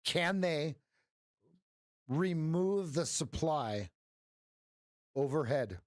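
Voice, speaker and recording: A man hosts a live trading stream in a loose, joking way, laughing often between remarks to his viewers. His voice sits a little high for a man. The sound is close and dry, with no room echo. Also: animated, drawn-out words, darkish tone. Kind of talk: casual live-stream chat.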